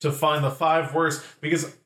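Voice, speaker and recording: Man, comedy podcast co-host, high voice, echoey room, mock-indignant. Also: level tone, moderate pace, fairly bright tone.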